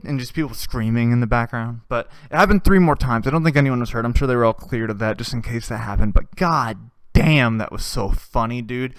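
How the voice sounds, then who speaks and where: Guy rambling thru a funny story, swears a lot, hums tunes, smooth clear voice, dry close sound. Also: mid-range voice, normal speed, dry recording. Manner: laughs often and hums tunes while telling stories; swears freely. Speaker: podcast host. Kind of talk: casual storytelling.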